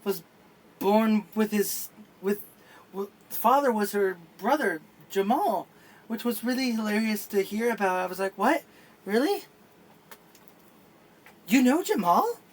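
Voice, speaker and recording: A man putting on a shy high-voiced barmaid. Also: unhurried, poor audio. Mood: chatty.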